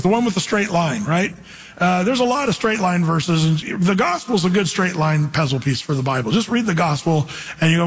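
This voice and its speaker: A man's voice: sits high, animated, fairly quick, slightly rough, in a large hall, rough recording. A man preaching an expository sermon as a pastor, reading scripture aloud and urging his listeners with earnest emphasis.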